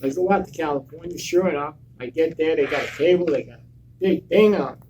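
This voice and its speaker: An older man telling stories on a live convention panel in a blunt, profane, animated way. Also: fairly high pitch, fairly quick, background noise. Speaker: panel guest.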